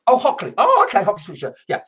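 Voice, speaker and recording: A woman's voice: medium pitch, wildly swooping pitch, fast talker, lo-fi sound, crowd noise. A woman working as a medium, giving a chatty live-streamed reading and swearing casually as she talks. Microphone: computer mic on a video stream.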